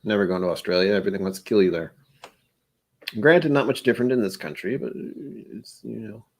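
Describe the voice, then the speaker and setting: Rambling low-voiced man musing to himself. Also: fairly quick, a little mellow. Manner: rambling, self-deprecating humor. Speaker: vlog host. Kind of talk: casual solo musing.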